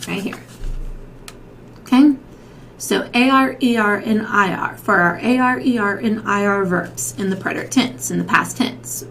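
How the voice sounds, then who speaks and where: Slow, patient woman teaching Spanish. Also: medium pitch, a bit bright, low-quality recording. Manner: slow, patient, repeats and checks with "okay?". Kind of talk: classroom lesson. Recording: faint background noise.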